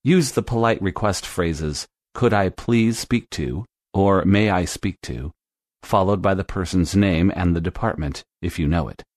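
Deep-voiced man teaching business English. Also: no room sound, studio quality. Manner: clear, measured instructional delivery. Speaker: language teacher. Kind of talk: scripted English lesson narration.

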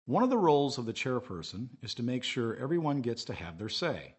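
Narrating as an English teacher, this man speaks in a low, husky voice full of lively intonation. He keeps a measured, clear pace, modelling phrases for students to say back.

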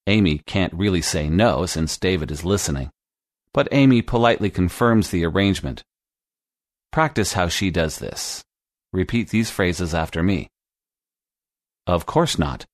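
A man narrating a scripted English lesson podcast in a slow, clear teaching manner. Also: deep voice, expressive, no echo, studio quality.

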